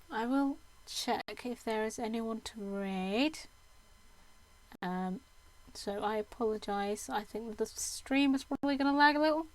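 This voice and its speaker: A woman's voice: fairly high pitch, rough recording. A young British woman with a mixed, mostly Southern English accent, chatting casually with her stream viewers, with lots of ums and restarts.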